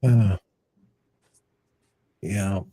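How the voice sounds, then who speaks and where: A man co-hosting a casual live stream, chatting in a relaxed way with chuckling asides. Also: low-pitched, drawn-out words.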